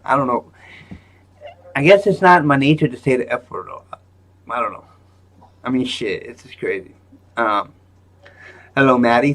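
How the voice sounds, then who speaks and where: A man's voice: mid-range voice, a bit bright. A man hosting a live stream in a rambling, joking manner, with lots of fillers and restarts. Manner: joking, self-mocking. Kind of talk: casual live-stream chat.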